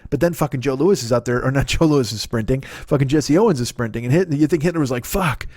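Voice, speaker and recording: A man's voice: medium pitch, fast, a little mellow, no echo, clean studio sound. A man hosting his own comedy podcast, riffing in a rambling, profane monologue that keeps correcting itself. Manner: profane, digressive, self-correcting.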